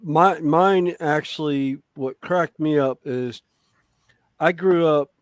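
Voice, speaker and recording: Middle-aged man, light Southern accent, slow unhurried delivery, dry close sound. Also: fairly high pitch, no echo. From born near Chicago, raised in the Carolinas. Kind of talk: casual chat.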